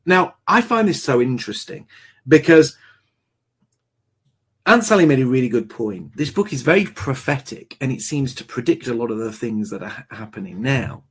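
A man hosting a book discussion, speaking deliberately and building his points with emphasis. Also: mid-range voice, very animated, breathy edge.

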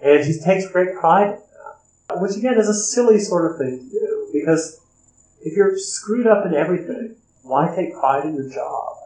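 A man recapping and analyzing a film's scenes at length, in a discursive way with frequent pauses. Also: sits high, animated, dark tone. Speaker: film commentator. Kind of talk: spoken film analysis and recap. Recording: roomy echo.

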